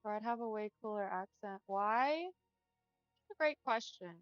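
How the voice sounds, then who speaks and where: A woman's voice: mid-range voice, animated, moderate pace, no room sound, muffled recording, faint music behind. A young woman with a Texan accent chatting casually with her viewers while she streams a game, saying "y'all" and "like" a lot. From Texas. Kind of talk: casual chat while gaming.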